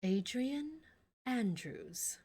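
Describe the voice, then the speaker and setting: A woman streaming a game, commenting in an excitable, exclaiming way. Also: fairly high pitch, extremely slow. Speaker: gaming streamer. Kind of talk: let's play commentary.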